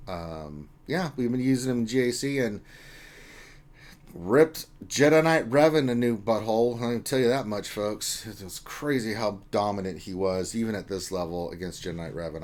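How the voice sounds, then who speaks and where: A man's voice: on the low side, expressive, normal speed, darkish tone. A man co-hosting a casual gaming livestream, reading viewer comments aloud in a loose, joking way with some mild swearing. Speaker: livestream co-host.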